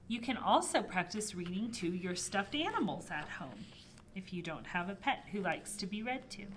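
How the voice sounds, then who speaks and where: Expressive woman reading a picture book aloud. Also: medium pitch, moderate pace, slight background noise. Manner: expressive read-aloud with swooping emphasis. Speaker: children's librarian.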